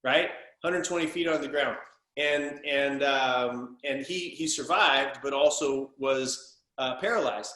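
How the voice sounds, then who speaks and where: A man hosting a podcast, asking questions and telling stories in a chummy, animated, casual way. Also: mid-range voice, slow pace. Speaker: podcast host. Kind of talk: casual interview chat. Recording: roomy echo.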